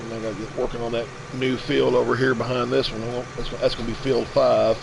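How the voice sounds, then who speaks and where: Man, 50s, gravelly, rambling gameplay chat, halting restarts, noisy home recording with engine sounds. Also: mid-range voice, little pitch movement. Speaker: let's play streamer. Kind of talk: casual gameplay commentary.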